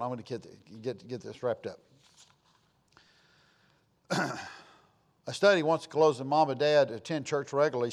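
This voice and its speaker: A man preaching a sermon, folksy and storytelling, rising and falling for emphasis. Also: mid-range voice.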